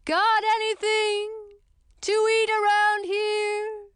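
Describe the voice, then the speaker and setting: A woman voicing an eager, hungry young female witch in a high, squeaky, sing-song storybook voice. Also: monotone, slow pace, fairly bright tone, full character voice. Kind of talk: audiobook character voice.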